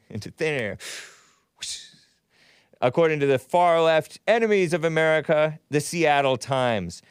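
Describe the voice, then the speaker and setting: A man's voice: on the high side, smooth, no room sound, clean studio sound. A man hosting his own talk show, delivering a rambling, mocking monologue and laughing often. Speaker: host. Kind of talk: casual monologue.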